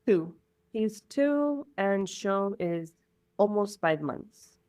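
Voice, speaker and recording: A woman's voice: medium pitch, lively intonation, drawn-out words, a little mellow, clean tone. A woman as a guest on a casual podcast, teasing and laughing easily. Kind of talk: casual chat.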